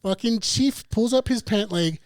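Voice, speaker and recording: A man's voice: high-pitched, unhurried, no room sound. A man co-hosting a podcast, telling a long profane story in casual chat. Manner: profane, laid-back storyteller. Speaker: podcast co-host.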